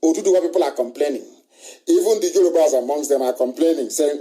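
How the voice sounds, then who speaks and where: A middle-aged man holds forth in a live radio broadcast, his voice set a touch high yet dark and mellow in tone. He drives every point home with emphatic repetition and pointed rhetorical questions. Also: lively intonation, fast, rough recording. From Nigeria. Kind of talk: impassioned live radio monologue.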